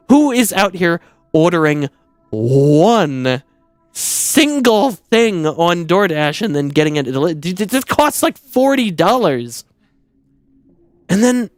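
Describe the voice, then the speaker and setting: A man streaming, telling a casual story in an animated, incredulous rant and swearing a lot. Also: high voice, dry recording, clean studio sound.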